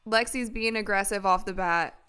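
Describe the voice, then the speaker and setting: Smooth-voiced young woman calling a game. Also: medium pitch, normal speed. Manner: chatty, reacts excitedly, reads chat aloud. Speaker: livestream host. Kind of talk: casual play-by-play watch party commentary.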